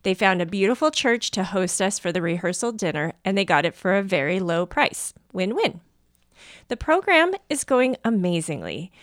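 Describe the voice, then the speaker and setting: A woman co-hosting a podcast, reading a listener's story aloud in an animated way and laughing often. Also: mid-range voice, normal speed, no room sound, studio quality.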